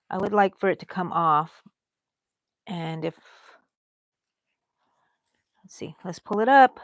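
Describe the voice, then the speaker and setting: A woman's voice: on the low side, dry recording. Middle-aged lady rambling on her crochet stream, chatty, dry close sound. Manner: chatty, rambling, reads out viewer comments. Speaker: crochet livestream host. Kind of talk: casual livestream chat.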